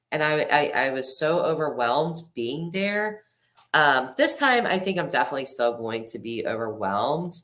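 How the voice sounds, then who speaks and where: A woman's voice: low-pitched, a bit bright. A woman hosting a casual livestream who rambles and breaks off mid-sentence, laughs often and reads viewer comments aloud. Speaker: livestream host. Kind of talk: casual live chat with viewers.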